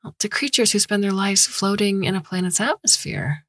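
A woman voicing a calm, wry woman scientist explaining her ideas. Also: mid-range voice, moderate pace, dry recording, studio quality, voice pushed up, close to an everyday voice. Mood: earnest.

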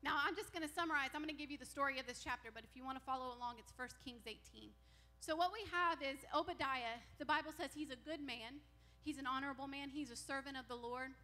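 In a church sanctuary, a woman pastor preaches a sermon, animatedly retelling a Bible story and acting out what the characters say. She has a high voice and talks fast.

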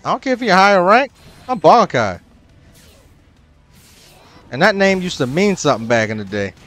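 A young adult man commenting on his own ranked matches, swearing often and breaking into loud, exasperated outbursts. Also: high-pitched, big pitch swings, normal speed, faint music behind. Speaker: gaming channel host.

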